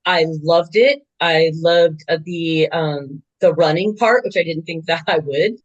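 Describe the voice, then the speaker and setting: A woman in her sixties, a veteran softball umpire, telling game stories in a chatty, animated way with lots of fillers. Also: sits low, unhurried, muffled recording. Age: 60s. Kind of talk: casual interview storytelling.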